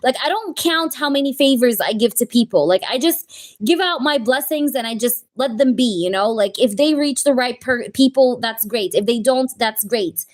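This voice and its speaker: A woman's voice: on the high side, expressive, moderate pace. Chatty woman giving tarot readings. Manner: chatty, talks to chat, speaks as the twin flame in first person. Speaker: tarot reader. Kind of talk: live-stream tarot reading.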